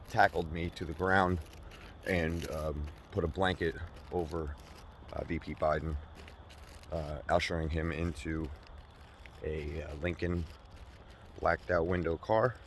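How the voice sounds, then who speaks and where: Low-voiced man, deadpan satirical monologue, rambling rant, faint traffic behind. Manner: rambling and halting at first, building into a loud rant. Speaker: comedic vlogger. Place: outdoors by a store parking lot.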